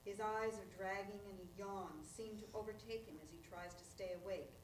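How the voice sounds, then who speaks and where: A woman reading stage directions aloud at a live play reading, in a plain, measured way. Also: mid-range voice, steady tone, a little hiss or hum. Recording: echoey room, voice far from the mic.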